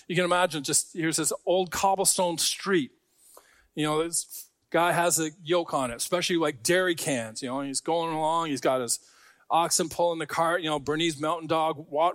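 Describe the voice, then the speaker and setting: A man's voice: fairly high pitch, steady tone, normal speed, a bit bright, no room sound, studio quality. A man preaching a sermon to a congregation, talking in a conversational way with joking asides. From Scarborough. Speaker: pastor.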